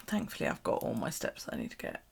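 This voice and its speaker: A woman hosting a late-night livestream, chatting casually, laughing often and swearing freely as she rambles. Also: a little hiss or hum. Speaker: bullet-journal livestream host. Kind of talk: casual live-stream chat.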